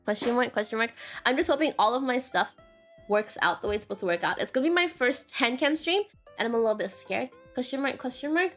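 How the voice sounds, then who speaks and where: A woman's voice: fairly high pitch, lively intonation, quick pace, a bit bright, soft background music. A woman streamer chatting casually and rambling, often saying "question mark" and laughing.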